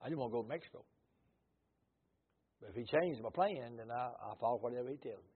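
An older man with a Mississippi Southern accent, a missionary preacher telling folksy stories in a sermon, swinging from loud to low. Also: fast, breathy edge. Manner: storytelling, rises loud then drops low. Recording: tinny phone-like audio.

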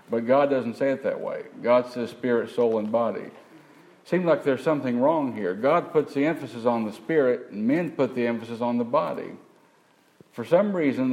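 A man's voice: mid-range voice, darkish tone, poor audio. A man preaching a teaching sermon, asking the congregation rhetorical questions.

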